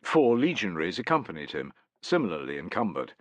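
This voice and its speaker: A man narrating a war audiobook with an expressive, dramatic reading. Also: fairly low pitch, normal speed, no room sound.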